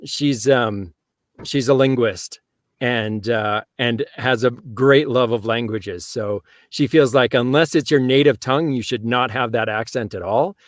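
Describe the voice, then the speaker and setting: A man's voice: medium pitch, no echo. Canadian guy, narrator type, chatty and laughs a lot, medium voice, super dry sound. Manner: chatty and good-humoured, quick to laugh. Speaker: audiobook narrator and co-host. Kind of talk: casual chat.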